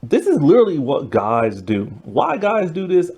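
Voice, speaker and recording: Male reviewer, casual and rambling, very lively pitch. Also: moderate pace. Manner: rambling and animated, many fillers. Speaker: show reviewer.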